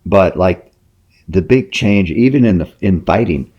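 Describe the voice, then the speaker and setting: A middle-aged man hosting a podcast, talking in a halting, rambling way full of fillers. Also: sits low, lively intonation, darkish tone, lo-fi sound. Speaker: podcast host. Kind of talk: casual podcast chat.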